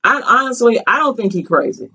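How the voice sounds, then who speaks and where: A woman's voice: a little high, sing-song, a little fast, bright, forceful tone, breathy edge, highs cut off. Chatty woman telling a story. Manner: chatty, rambling, many fillers and restarts; colloquial, earnest. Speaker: vlogger. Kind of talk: casual storytelling commentary.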